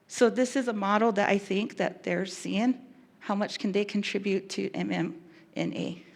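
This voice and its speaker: A woman who works as a victim specialist giving an earnest, emotional talk, pausing and restarting as she goes. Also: mid-range voice, fairly even intonation, vocal fry. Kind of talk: public talk.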